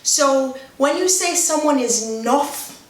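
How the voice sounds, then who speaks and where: A woman teaching slang words in a casual video lesson, chatty and acting out example phrases with lively emphasis. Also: high-pitched, takes it slowly. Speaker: language teacher. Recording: roomy echo, somewhat far from mic.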